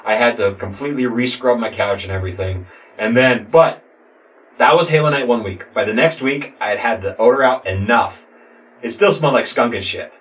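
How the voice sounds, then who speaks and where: A young man casually telling a story, animated, acting out voices and swearing a lot. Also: mid-range voice, fairly quick, highs cut off. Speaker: podcast guest telling a story. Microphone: sitting far from the mic. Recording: distant mic in a room.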